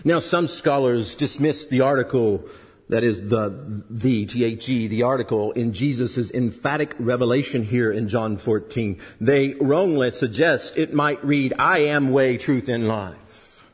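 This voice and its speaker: A man preaching a sermon, emphatic, rising loud and high then dropping low and soft, asking rhetorical questions. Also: a little slow, slightly rough. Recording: long reverb of a hall.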